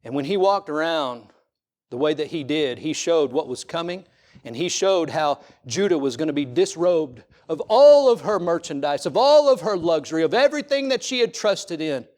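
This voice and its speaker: A middle-aged male pastor preaching a sermon at a church service. He uses repeated rhetorical questions and swings between loud, ringing lines and hushed ones. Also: fairly high pitch, very animated, moderate pace.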